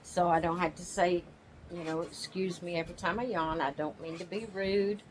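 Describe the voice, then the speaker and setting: A woman hosting her own channel, chatting casually from her rocking chair at home in a slow, homey, rambling way and yawning now and then. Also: lowish voice, steady tone, a little hiss or hum, low-quality recording. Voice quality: slow, drawling, yawns often. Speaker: channel host. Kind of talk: casual chat.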